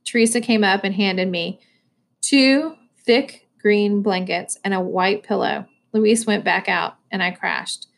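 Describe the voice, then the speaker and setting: A woman's voice: medium pitch, unhurried, vocal fry. Woman reading a novel aloud. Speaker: audiobook reader.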